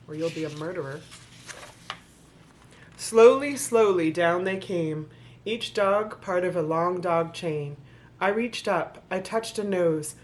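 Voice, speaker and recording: This woman has a fairly low, slightly mellow voice. She's a vlogger reading a rhyming children's book aloud, and she keeps stopping to toss sarcastic, playful jokes to her viewers between the lines.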